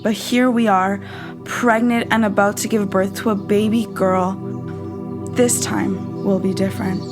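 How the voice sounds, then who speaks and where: A woman reading a scripted horror story in a calm, measured storytelling manner. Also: mid-range voice. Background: loud music.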